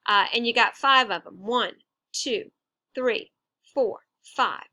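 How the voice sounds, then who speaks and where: A woman teacher talks through the lesson at an unhurried, deliberate pace, breaking each point into small steps and dropping in casual fillers. Her voice is bright and a little high. The recording is dry and close, with no room sound. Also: dry recording. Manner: patient, step-by-step explaining with casual fillers. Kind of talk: instructional explanation.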